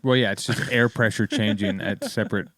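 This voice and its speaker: A man's voice: on the low side, a little fast, fairly bright tone, no room sound, clean studio sound. A man hosting a music production podcast, joking around and talking to listeners as "folks.". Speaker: podcast host. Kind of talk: casual podcast chat.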